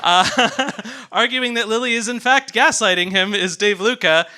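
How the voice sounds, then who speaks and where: A man's voice: high voice, a little slow, pushed and bright. A man hosting a live comedy game show, announcing the debaters and often laughing. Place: theater stage before a studio audience. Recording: live stage recording with audience noise.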